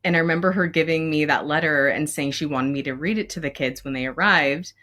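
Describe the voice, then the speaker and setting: A woman speaking as a school counselor guest in a candid podcast conversation, expressive and laughing often, moved to emotion at times. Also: deep voice, fairly quick.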